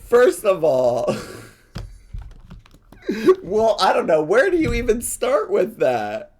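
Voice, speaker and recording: Giggly sarcastic man with a lively voice. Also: high-pitched, slow. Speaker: reaction commentator. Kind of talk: casual reaction commentary.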